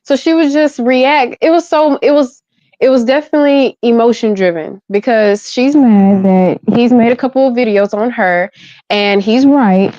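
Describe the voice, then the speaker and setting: Woman on a podcast, kinda high voice, slangy and cussing, dull dry lo-fi mic. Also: moderate pace, dark tone, dry recording. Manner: laughing, slangy, profane. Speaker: podcast co-host. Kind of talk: casual podcast banter.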